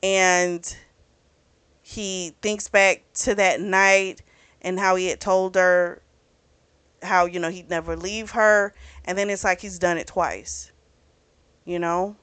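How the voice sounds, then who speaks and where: A woman's voice: on the low side, level tone, slow, pauses often, a bit bright, clear, resonant tone, dry recording. A woman host casually recapping a novel for a book club, talking in a chatty way and filling her retelling with "you know" and "he's like.".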